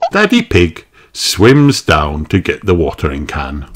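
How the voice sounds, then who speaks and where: Male storybook reader, lower voice, slow and highly expressive for young children. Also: heavy background noise. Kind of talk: children's book read aloud.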